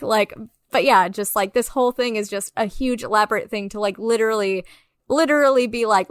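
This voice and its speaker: A woman co-hosts a relaxed film podcast, and her voice sits on the higher side. She talks loosely and fills her speech with "like," slipping into the voices of people she quotes. The sound is close and dry. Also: fairly quick, dry recording. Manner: lots of "like", acts out quoted dialogue. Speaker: podcast co-host. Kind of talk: casual film-review chat.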